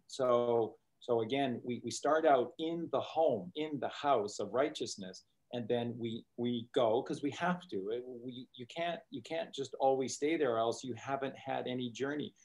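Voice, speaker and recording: A man's voice: medium pitch, darkish tone. Male guest, expansive, reflective talker, drifts between examples. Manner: expansive, thoughtful, draws on stories and film references. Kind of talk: casual discussion.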